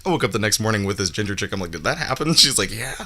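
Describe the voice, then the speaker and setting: A man's voice: fairly low pitch, very fast. A young man on a casual comedy podcast, telling a story with lots of laughter and acted-out quotes. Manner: animated, laughs often, acts out quotes. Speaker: guest comedian.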